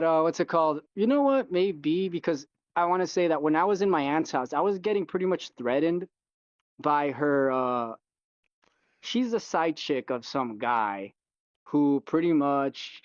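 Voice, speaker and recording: A man's voice: a little high, normal speed, dry recording, dull audio. A young man, a guest in casual chat, telling rambling, profane stories full of fillers. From United States.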